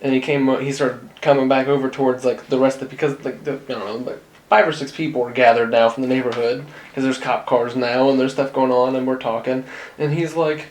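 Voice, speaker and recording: A man's voice: mid-range voice, fairly even intonation, brisk, darkish tone, a little hiss or hum. Rambling man telling a story in a roomy space. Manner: rambling storyteller, many fillers and restarts. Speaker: podcast host. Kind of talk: casual chat among friends. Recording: roomy echo.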